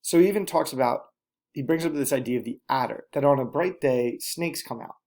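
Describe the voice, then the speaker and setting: A man's voice: mid-range voice, fairly quick, darkish tone. Man teaching a recorded class lesson. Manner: direct, repeats instructions, addresses students.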